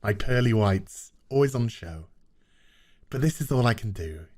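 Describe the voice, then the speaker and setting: A man mocking a smug, grinning male ship doctor in a review, in a slow, flat, deep monotone.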